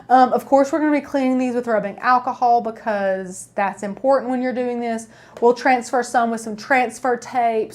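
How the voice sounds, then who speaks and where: A woman with an East Tennessee accent hosting a live craft tutorial, chatty and upbeat, talking straight to her viewers. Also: on the high side. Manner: chatty, upbeat, keeps addressing viewers as guys.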